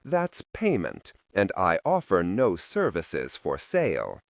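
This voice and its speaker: A deep, unhurried male vampire from a spoken story, as a man reads him. He sounds cool and quietly amused, and his tone rises and falls widely. The recording is dry and close. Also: vocal fry, no echo, full character voice. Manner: calm, measured, faintly amused. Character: ancient, still male vampire, cool and wry.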